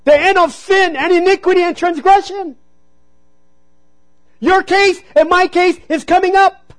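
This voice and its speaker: High-voiced man preaching a sermon. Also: steady tone, a little slow, low-quality recording. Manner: storytelling, call-and-response "Amen?". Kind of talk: sermon with personal story.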